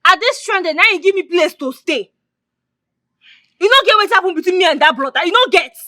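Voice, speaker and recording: Defensive young Nigerian woman, voice set high and sharp, close, dry sound. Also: animated, a little fast, dry recording, full character voice. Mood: hurt. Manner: agitated, defensive Pidgin speech. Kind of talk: film drama acting.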